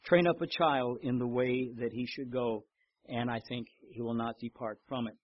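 An older man preaching a sermon, telling stories with lively repetition and reading scripture aloud. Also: medium pitch, normal speed, muffled recording. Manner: storytelling, animated in anecdotes, repeats words. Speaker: pastor.

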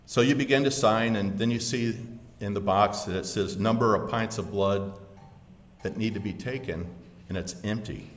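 A man's voice: lowish voice, normal speed. A man preaching in a big echoing hall. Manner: dramatic storytelling, swelling then dropping to a hush. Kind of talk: sermon illustration told as a story. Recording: echoey hall with long reverb.

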